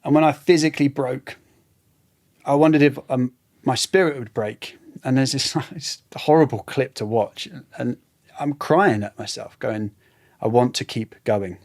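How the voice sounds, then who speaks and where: A man speaks in a mid-range voice. He talks in a reflective, halting way and often trails off mid-thought. It is casual podcast conversation. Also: medium pitch, a little mellow. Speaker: podcast guest.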